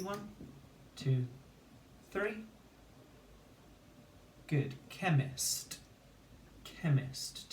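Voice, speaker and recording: A man teaching a phonics lesson to children, slowly and clearly sounding out each word syllable by syllable. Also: mid-range voice, darkish tone, slight background noise. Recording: roomy echo, distant mic, faint ambience.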